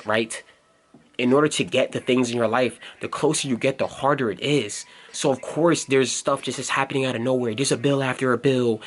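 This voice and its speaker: A young man in his twenties rattles off a motivational vlog monologue at a quick clip. His pitch sits at an ordinary middle level. He is emphatic and blunt, scolding the viewer one moment and urging them on the next. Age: 20s. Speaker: YouTuber.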